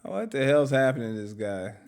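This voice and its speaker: A man hosting a reaction video, giving casual, animated and joking commentary in slangy speech. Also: medium pitch, a little fast, smooth.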